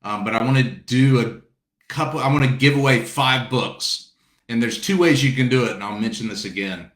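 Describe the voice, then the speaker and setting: At normal speed and medium pitch, the man's slightly bright voice echoes around the room. He's from South Carolina, running an informal book launch video call where he says hello to viewers by name and chats in a loose, friendly manner.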